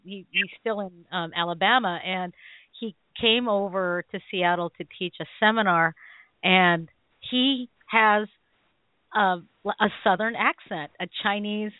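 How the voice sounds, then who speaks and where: A woman hosts a talk radio interview, chatting and telling stories with frequent laughter. Her pitch sits in the middle range. Her voice arrives thin and phone-like with a dry sound. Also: no echo. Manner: chatty, laughs often, storytelling. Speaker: radio talk show host. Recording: dry, tinny phone line.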